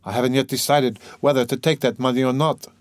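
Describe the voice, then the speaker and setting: A man reading an audiobook, voicing a brooding young man who talks in a weary, low, muttering way. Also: fairly even intonation, fast, no echo, natural voice. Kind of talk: audiobook character voice.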